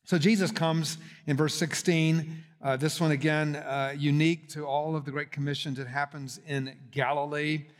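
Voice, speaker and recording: A man's voice: a little high, level tone, moderate pace. A man preaching a sermon, teaching on a Bible passage and building to emphatic repeated questions. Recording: long hall reverb.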